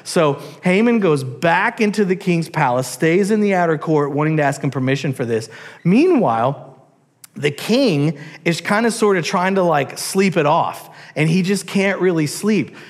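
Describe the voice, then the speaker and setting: A man's voice: fairly high pitch, animated, moderate pace. A man preaching a sermon as a pastor, telling a story animatedly and acting out its characters. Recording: long church hall reverb.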